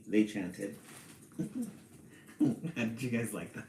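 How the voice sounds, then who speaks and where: A man reading a children's storybook on a live stream and chatting with viewers in a relaxed, chatty way. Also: fairly low pitch, roomy sound, low-quality recording. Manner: slow, relaxed, chatty with small laughs.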